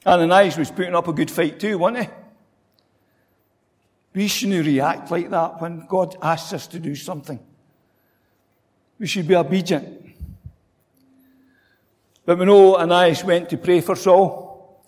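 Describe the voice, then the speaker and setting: A man with a fairly high voice preaches a sermon in an easy, conversational way, asking his listeners rhetorical questions. His words ring on in a long reverberant church hall. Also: fairly even intonation, a little slow, pauses often, darkish tone.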